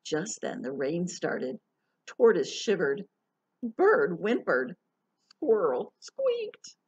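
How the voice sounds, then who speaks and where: A woman librarian reading a picture book aloud to children, animated and sing-song, stopping to ask them questions. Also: lowish voice, drawn-out words, breathy edge, dull audio. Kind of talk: storytime read-aloud.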